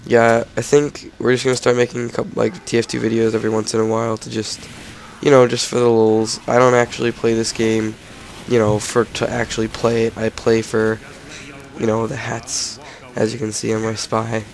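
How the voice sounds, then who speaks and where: A teenage boy who is sick, his voice cracking as he rambles through a casual game commentary and breaks into shouted frustration. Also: medium pitch, completely flat delivery, normal speed, creaky. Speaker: gamer.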